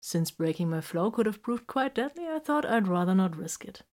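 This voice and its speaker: A woman's voice: medium pitch, sing-song, moderate pace, a little mellow, close to an everyday voice. A woman voicing a cheerful, unflappable young male warrior with a breezy, good-humored manner.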